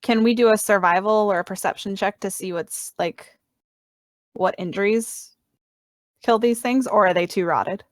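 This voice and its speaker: A woman player at a tabletop game, chatty and upbeat with quick asides. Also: mid-range voice, dry recording, studio quality. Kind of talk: casual chat at a tabletop game.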